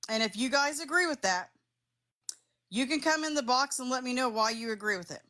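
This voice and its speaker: Middle-aged woman streamer with a slightly high voice, defensive and blunt with chat, cursing freely. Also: sharp tone. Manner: heated, defensive, swears, talks straight to chat. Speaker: live streamer. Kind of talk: live-stream chat with viewers.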